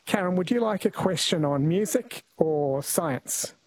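A fairly high-voiced man hosts a talkback radio quiz. He chats easily with callers and often stops to correct himself. The studio sound is close and dry. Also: lively intonation, measured pace, no echo, rough recording. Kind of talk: casual talkback radio chat.

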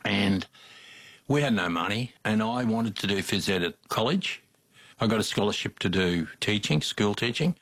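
A man's voice: lowish voice, moderate pace, a bit bright. An older man with an Australian accent, telling folksy stories as an interview guest, with frequent chuckles. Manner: folksy yarn-spinning, chuckles often. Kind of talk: casual storytelling.

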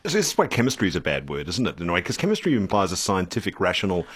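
A man hosting an interview who asks probing, playful questions. His voice is very low, and it moves through a wide, lively range. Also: rapid-fire, slightly rough. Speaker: interview host. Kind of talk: conversational interview.

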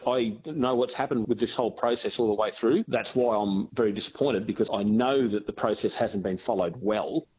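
A man's voice: fairly low pitch, brisk, few pauses, a little mellow, a little hiss or hum, low-quality recording. A man with an Australian accent, a mayor answering interview questions bluntly and with frustration, listing figures with some restarts.

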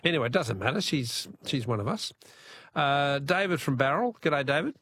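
Genial Australian radio quiz host. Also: male voice, medium pitch, expressive, normal speed, a bit bright, slightly rough. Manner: genial, chatty, reads out texts. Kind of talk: late-night radio phone-in.

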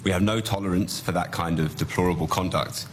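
A company executive gives firm, formal testimony at a hearing. His voice is very deep, with faint room noise behind him. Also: fairly even intonation, brisk. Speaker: corporate affairs director.

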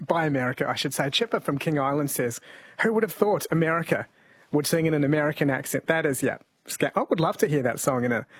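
Chatty radio host, male, slightly high and husky voice, dry studio sound. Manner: chatty, reads out listener texts. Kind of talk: call-in radio show.

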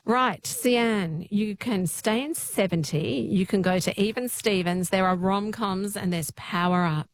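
A woman hosting a radio phone-in quiz, friendly and brisk as she reads messages and greets callers. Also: medium pitch. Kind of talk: radio talk show hosting.

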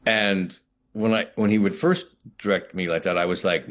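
A man's voice: sits low, fairly bright tone. A middle-aged man, an actor, talking reflectively in an interview, often restarting his sentences. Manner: reflective, halting with many restarts. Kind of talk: interview conversation.

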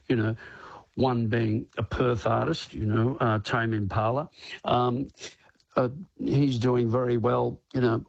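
A man's voice: medium pitch, creaky, slightly rough, no echo, dull audio. A man in his sixties, a band's lead singer, telling stories in a rambling radio interview, full of "you know" fillers and laughter. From Australia. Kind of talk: radio interview, casual storytelling. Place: radio studio.

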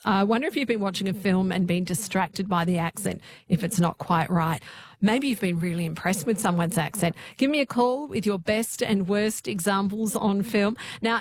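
A woman hosting a talkback radio show, chatty and conversational. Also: mid-range voice. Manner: chatty, friendly presenting. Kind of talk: casual radio talk. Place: radio studio.

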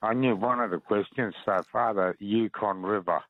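A man calling in to a radio quiz in a friendly, relaxed way. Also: fairly low pitch, normal speed, no echo. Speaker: radio caller. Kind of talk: casual talkback call. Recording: tinny phone line.

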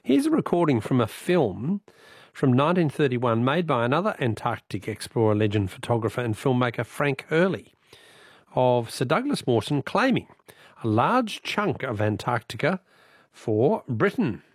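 A man's voice: mid-range voice, very animated, normal speed, breathy edge, dry recording. Male radio host, chatty and easygoing, dry close studio sound. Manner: chatty, laughs easily. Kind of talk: talk radio. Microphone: studio mic.

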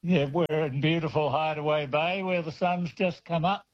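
A man's voice: on the high side, steady tone, moderate pace, muffled recording. A man calling a radio show, chatting cheerfully and describing his surroundings. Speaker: caller. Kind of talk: casual radio phone chat.

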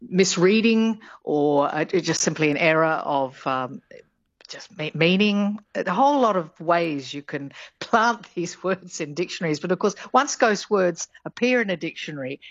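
A woman, a linguistics professor, talks her way through an explanation with fillers and easy laughs. Her voice sits a little low. It sounds dull and closely miked, as if it comes down a remote line into a dry studio. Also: lively intonation, measured pace, no room sound. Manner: chatty, explanatory, with frequent fillers and small laughs. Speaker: linguistics professor, guest expert. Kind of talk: radio interview explanation.

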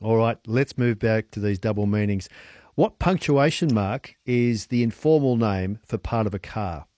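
A man's voice: lowish voice, moderate pace, mellow, dry recording. A man hosting a live radio call-in quiz, teasing callers playfully and laughing often.

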